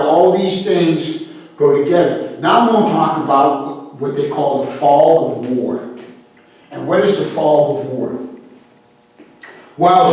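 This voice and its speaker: A blunt, animated man, middle-aged, talking as a self-defense instructor in a podcast monologue. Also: a little high. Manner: blunt, animated, swears freely. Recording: very echoey room, far from the mic.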